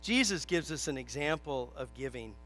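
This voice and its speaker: A man's voice: mid-range voice, animated, moderate pace, a bit bright. A man preaching a sermon in a church, stressing his points with repetition and telling a joke story. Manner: emphatic, repeats key phrases.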